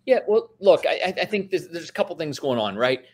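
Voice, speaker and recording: Man, investment expert, casual explainer, slightly high voice, frequent check-ins. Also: sing-song, a little fast, darkish tone. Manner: explains with many "right?" tags and restarts.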